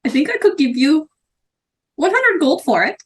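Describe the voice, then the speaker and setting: A woman's voice: high voice, very animated, normal speed. A woman voicing a tall, friendly male weapons merchant who tags his sentences with "eh?" and "yeah?". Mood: friendly haggling. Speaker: game master.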